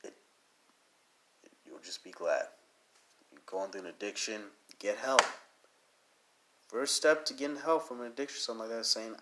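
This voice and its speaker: Sick with a cold and needing to blow his nose, a man hosts his own podcast in casual solo talk, rambling along in an earnest, encouraging way full of fillers. His mid-range voice is expressive and fairly bright, at a moderate pace with long pauses.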